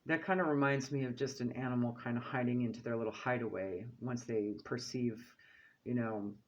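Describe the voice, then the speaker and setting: A man with an average-pitched voice gives a relaxed oracle card reading and often checks in with "okay?" and "right?". The recording sounds dull and lo-fi. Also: a little fast.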